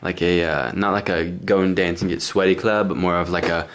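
A man's voice: low-pitched, fairly even intonation, a little fast, fairly bright tone, slight background noise. A young man chatting with a friend at home, teasing and blunt. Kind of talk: casual chat. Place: home room.

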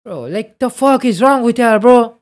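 A man from Rajasthan, live-streaming in loud, agitated chat, switching between English and Hindi and calling everyone "bro". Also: extremely high pitch, lively intonation, moderate pace. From Rajasthan, India.

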